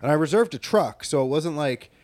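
A man's voice: fairly high pitch, fairly quick. Brief: casual male podcast co-host, easygoing storyteller, swears freely. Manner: laid-back, swears a lot, animated when telling stories.

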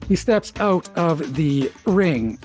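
A man's voice: a little high, expressive, takes it slowly, a little mellow, soft background music. A man hosting a tabletop game as dungeon master, narrating scenes vividly and speaking to the players as "you".

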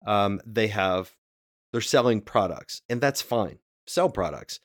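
A man co-hosting a faith podcast, easing through his points with ums and restarts. His voice sits on the low side and sounds dry and close to the mic. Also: takes it slowly, no echo. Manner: hedging, with many fillers and restarts. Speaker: podcast co-host. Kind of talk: casual discussion.

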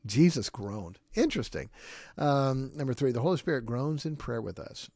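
A man hosting a podcast, giving an informal devotional talk in an animated, conversational way, often asking listeners questions. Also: mid-range voice, moderate pace, slightly rough, no echo, clean studio sound. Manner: animated, mimics groans, chuckles often. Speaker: podcast host.

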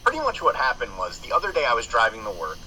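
A man talking casually on a podcast, with a very bright, sharp-edged tone and a pitch that swings up and down a lot. He rambles through stories, swears freely and restarts his sentences often. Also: huge pitch swings, fast talker, slight background noise, low-quality recording. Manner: profane, rambling storyteller with many restarts. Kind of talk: casual chat.

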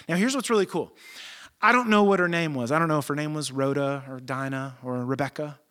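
Male pastor, lively slangy sermon delivery, somewhat high. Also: a little fast. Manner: animated storytelling with casual slang.

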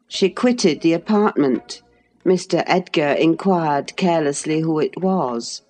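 A woman narrating a classic novel as an audiobook, measured and expressive. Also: low voice, soft background music. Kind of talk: classic novel read aloud.

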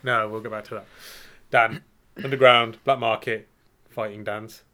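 A man trading jokes in a relaxed podcast chat. His voice is bright and forward, with an easy, teasing way of talking. He riffs on silly ideas and laughs along as he goes. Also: lowish voice, a little slow. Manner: joking, playful banter with frequent laughs. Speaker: podcast co-host. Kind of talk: casual chat.

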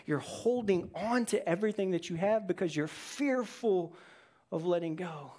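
A preacher voicing the tempting enemy, a sly spirit, in a low hushed whisper that sounds set back from the mic. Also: moderate pace, natural voice. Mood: coaxing. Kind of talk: sermon illustration.

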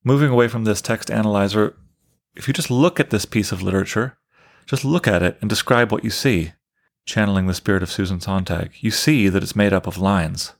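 A man's voice: low voice, gravelly. A man giving a methodical, explanatory lecture on poetic meter as a literature teacher. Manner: methodical, explanatory, counts things out loud.

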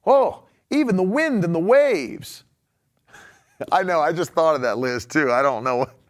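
A male preacher giving a livestreamed sermon, emphatic, drawing out key words and laughing between points. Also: medium pitch. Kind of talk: livestream sermon reading comments.

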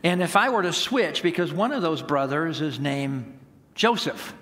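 A man's voice: on the high side, a little slow, a bit bright. A man around sixty, a pastor preaching a sermon, telling a story with laughter. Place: church sanctuary. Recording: long hall reverb.

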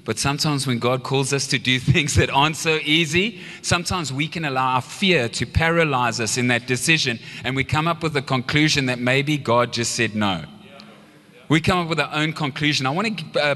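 A man preaching a sermon, telling a story in a lively way and asking his listeners questions. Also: mid-range voice, normal speed. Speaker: pastor. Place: church hall. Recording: live church hall with long reverb.

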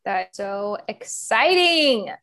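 A woman's voice: mid-range voice, animated, extremely slow, fairly bright tone. A young woman hosting a podcast in casual chat, cheerful and playful, laughing often, recorded over a remote call. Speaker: podcast host.

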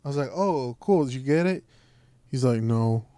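A young man casually telling a long, profane, animated story, full of "I'm like" and "she's like". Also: mid-range voice, normal speed, no room sound. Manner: rambling, profane, animated retelling with lots of "I'm like". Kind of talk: casual chat.

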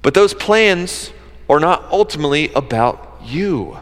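At a church service, a pastor with an expressive voice on the high side preaches a sermon at a measured pace, earnest and conversational, at times rising to fervent emphasis. The long reverb of a large hall surrounds him.

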